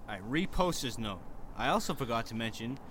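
A man's voice: mid-range voice, sing-song, brisk, a bit bright, slight background noise. A man co-hosting a comedy podcast who reads fan fiction aloud with a wry, mocking tone and explains the jokes. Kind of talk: mocking reading aloud and banter.

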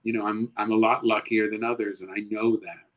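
A middle-aged man, a guest actor and comedian, chatting casually in an interview, expressive and animated, swinging between loud and hushed. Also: fairly low pitch, brisk, low-quality recording.

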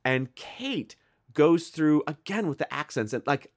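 An American man co-hosting a podcast, chatting casually and retelling an episode with quick asides. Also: fairly high pitch, lively intonation. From United States. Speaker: podcast co-host. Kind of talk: casual chat reviewing a TV episode.

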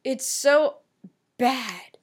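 A woman co-hosting a casual TV recap podcast, talking in an animated way with frequent swearing and filler words. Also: high voice, very slow, slightly rough. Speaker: podcast co-host.

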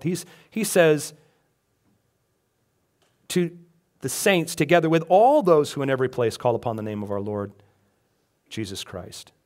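A male pastor giving a sermon, reading scripture aloud and joking with the congregation between readings. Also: mid-range voice. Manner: conversational, joking asides to the congregation.

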